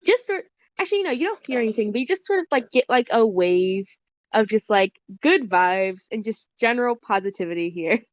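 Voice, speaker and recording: A fairly high-voiced woman runs a tabletop game session, narrating in a rambling way full of fillers. Her voice comes through a close mic in a dry space with no room sound. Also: lively intonation, brisk, no echo, lo-fi sound. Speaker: game master.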